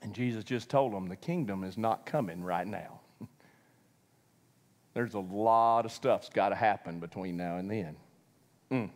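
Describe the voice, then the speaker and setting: A man's voice: fairly low pitch, a little slow, long pauses, darkish tone, long reverb tail. A man preaching a sermon, telling the story with humor, acting out voices and laughing often.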